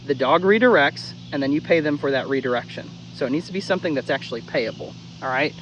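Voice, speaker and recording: A man teaching dog training in a casual, blunt way, his voice sitting a little high. He drills key steps by repeating them and drops the odd swear word. There is faint background noise behind him. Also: lively intonation, quick pace. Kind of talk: casual instructional talk.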